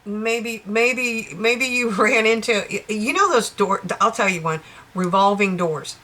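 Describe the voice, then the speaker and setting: A woman's voice: medium pitch, unhurried, bright, forceful tone. A woman giving a casual, rambling tarot reading, often checking in with her listener and laughing. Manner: rambling, chatty, with frequent check-ins and laughs. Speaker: tarot reader.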